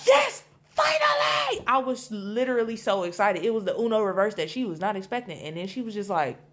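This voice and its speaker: A woman telling a personal story in a casual storytime, animated and blunt, swearing freely. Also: medium pitch, quick pace, slight background noise.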